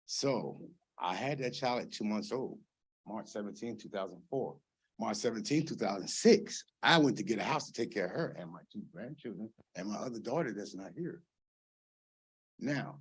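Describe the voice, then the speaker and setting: During public comment at a council meeting, a middle-aged man addresses the podium mic in an impassioned, rambling way, his volume rising and falling between quiet and loud. His husky voice sits lowish and stays expressive at a moderate pace.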